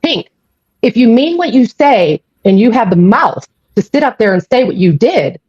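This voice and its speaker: A woman rants hard on a live stream, swearing and hammering the same points again and again. Her voice sits high and swings up and down a lot. The sound is dry and dull, like lo-fi audio. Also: very animated, normal speed, a little mellow, breathy edge, dry recording. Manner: angry, profane, repeats herself. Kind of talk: heated live-stream rant.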